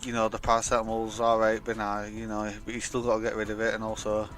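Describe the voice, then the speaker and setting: Low-voiced young man rambling a story. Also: monotone, fast, fairly bright tone, faint music behind. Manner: rambling, swears a lot, acts out quoted dialogue. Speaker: vlogger. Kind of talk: casual storytime monologue.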